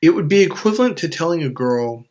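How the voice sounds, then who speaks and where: A man's voice: on the high side, lively intonation, fast talker, darkish tone. A man hosting a motivational coaching talk, speaking bluntly and emphatically with plenty of swearing and repeated phrases. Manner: acts out voices of people in his stories. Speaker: life coach and channel host. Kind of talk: direct-to-camera motivational talk.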